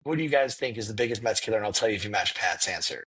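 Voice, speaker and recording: A man's voice: on the low side, expressive, fairly bright tone, slightly rough, poor audio. A man hosting a casual sports podcast, steering the talk from topic to topic. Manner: runs the agenda, quick topic jumps. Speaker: podcast host.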